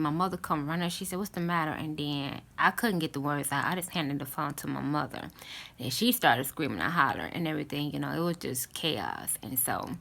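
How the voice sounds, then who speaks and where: Low, gravelly woman telling a story. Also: a bit bright. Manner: earnest, rambling, calls viewers "family"; many fillers like "you know" and "um". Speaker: vlogger talking to her viewers. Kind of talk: casual storytelling to camera.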